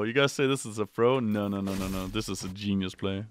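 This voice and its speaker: A young man commentating his own gameplay on a live stream, swearing, trash-talking and yelling when excited. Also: fairly low pitch, fairly quick, hardly any pauses, slight background noise. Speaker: gaming streamer.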